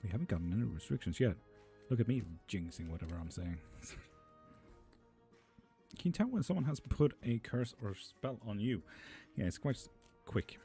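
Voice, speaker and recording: A man's voice: lowish voice, lively intonation, normal speed, warm tone, faint music behind. A man reading tarot on a live stream, casually reading out chat messages and answering them offhand.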